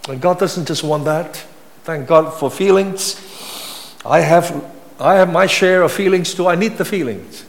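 A man preaching a sermon as a pastor, emphatic and repetitive, often building to high, intense passages. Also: measured pace, gravelly. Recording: long hall reverb.

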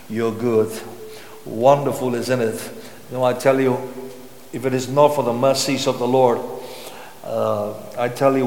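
A man preaching a sermon, reading Bible verses slowly and breaking off to explain them with asides and rhetorical questions. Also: medium pitch, a little mellow. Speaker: pastor. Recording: echoey hall.

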